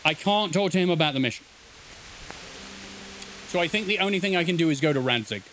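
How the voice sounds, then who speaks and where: A man's voice: on the high side, animated, brisk, a bit bright, slight background noise. A man streaming a video game, chatting casually, joking and swearing as he calls out to the characters. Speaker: gaming streamer. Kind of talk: casual let's-play commentary.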